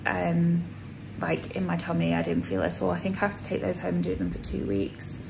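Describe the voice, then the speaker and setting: A woman's voice: fairly low pitch, level tone, a little fast, gravelly, background noise. A woman vlogging in casual chat to camera, tired and a little out of breath, rambling with lots of fillers, recorded on a phone in a small room.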